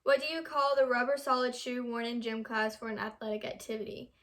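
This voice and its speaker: A woman's voice: a little high, level tone, brisk, fairly bright tone. Young woman reading quiz questions aloud. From United States. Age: young adult. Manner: reads questions aloud, stumbles over words. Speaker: vlogger.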